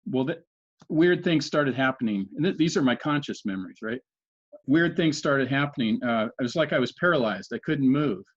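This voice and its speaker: An older man in his sixties speaks as a podcast guest in a medium-pitched voice, earnestly walking through events one step at a time. He often stops and restarts his sentences. The recording sounds dull and lo-fi. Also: lively intonation, normal speed. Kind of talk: conversational storytelling. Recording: dull lo-fi audio.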